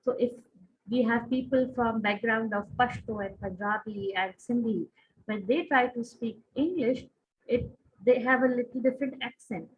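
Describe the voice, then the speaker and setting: A woman from Pakistan speaks earnestly on a panel, in long winding sentences that often restart. Her voice sits a little high and sounds husky. The online call audio comes through muffled and lo-fi. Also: normal speed. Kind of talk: conference panel discussion.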